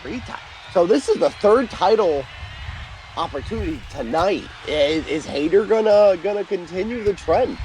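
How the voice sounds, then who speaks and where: Animated man telling a story. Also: high voice, moderate pace, slight background noise. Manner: animated storytelling, acts out quotes. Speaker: co-commentator. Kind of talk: casual gaming commentary.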